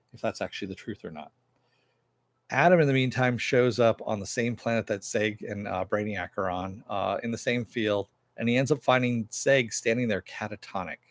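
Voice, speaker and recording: Low-voiced man rambling through a recap. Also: vocal fry. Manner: rambling, frequent fillers and swearing. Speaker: TV episode reviewer. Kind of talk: casual episode recap.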